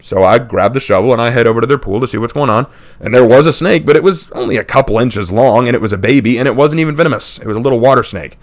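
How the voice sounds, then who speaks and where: Man telling a lively personal story. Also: medium pitch. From United States. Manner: lively anecdote telling, laughs often; acts out people in the story with quick impressions. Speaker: channel host. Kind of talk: casual storytelling.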